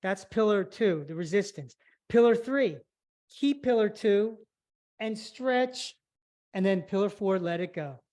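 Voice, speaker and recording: A flexibility instructor leads a live online stretching class, cueing each movement step by step while slightly out of breath. Her medium-pitched voice is warm and expressive, and she doesn't rush.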